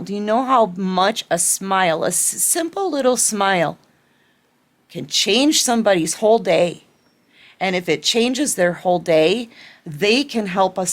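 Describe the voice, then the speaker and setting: Earnest woman giving a spiritual pep talk. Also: medium pitch. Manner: earnest, repeats herself, checks in with "okay?". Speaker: tarot reader.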